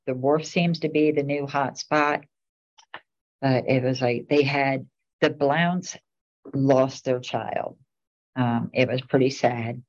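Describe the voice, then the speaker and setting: Woman, middle-aged, very deep voice, chatty rambling storyteller, dull lo-fi recording. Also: fairly even intonation, takes it slowly, a little mellow. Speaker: town commissioner. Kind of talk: casual storytelling at a meeting.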